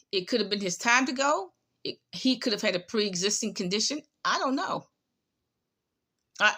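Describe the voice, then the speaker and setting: A woman's voice: on the high side, sharp tone. A woman giving casual commentary on online prophets, sarcastic and scolding, often repeating herself and tagging lines with "okay?".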